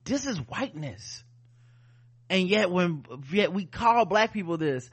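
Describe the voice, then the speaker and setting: A man's voice: sits high, expressive, a little slow, husky. A man co-hosting a casual podcast chat. He laughs often and reads listener comments aloud. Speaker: podcast co-host.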